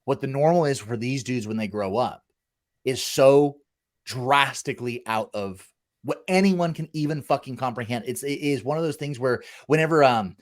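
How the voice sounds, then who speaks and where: A man's voice: medium pitch, moderate pace. A man in his thirties hosting a casual podcast, talking bluntly with lots of swearing and acting out voices from his past. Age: 30s. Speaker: podcast host and former college football walk-on.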